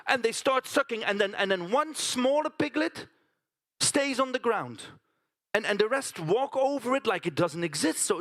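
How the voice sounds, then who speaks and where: A man's voice: sits high, expressive, moderate pace, fairly bright tone. A man performing a theatrical storytelling monologue on a conference stage, chatting to the audience with tag questions.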